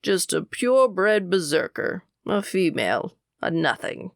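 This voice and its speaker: A woman voicing a stern male school official who speaks in a cold, condescending, lowered voice. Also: very animated, unhurried, creaky, a bit bright, no echo, clean studio sound, heavily acted. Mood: scornful.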